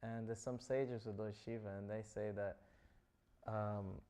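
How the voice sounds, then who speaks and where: A man's voice: on the low side, little pitch movement, measured pace, mellow. A man giving a scripture class, retelling stories in a loose, chatty way full of "like" and "you know". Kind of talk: casual storytelling talk.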